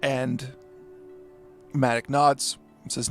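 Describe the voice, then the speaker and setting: Male GM, narrates with dry asides and the odd curse; a touch high-pitched, soft music bed. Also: moderate pace. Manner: swearing, wry asides, voicing characters in quotes. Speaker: game master. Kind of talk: narrating a tabletop game.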